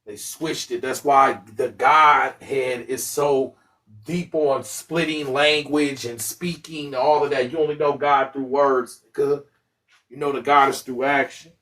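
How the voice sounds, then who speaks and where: A man hosting a casual livestream, talking in an animated, profane, joking way that often bursts into yelling. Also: medium pitch, measured pace. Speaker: livestream host.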